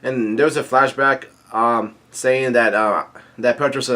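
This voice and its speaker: A man's voice: medium pitch, steady tone, unhurried, fairly bright tone. A man casually reading through a comic chapter and commenting, with many fillers and restarts. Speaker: manga chapter reader.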